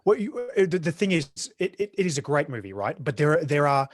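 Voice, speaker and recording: A man's voice: fairly high pitch, sing-song, fast, dry recording, clean studio sound. An Australian man co-hosting a podcast, chatting casually and enthusiastically about a war film, often restarting his sentences. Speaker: podcast co-host. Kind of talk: casual film review chat.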